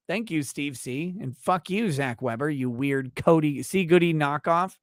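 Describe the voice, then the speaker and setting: A man hosts a casual livestream and rants bluntly, with plenty of swearing. His voice sits notably high for a man. The sound is close and dry, with no room echo. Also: expressive, unhurried, few pauses. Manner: profane, blunt, riffing. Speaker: livestream show host.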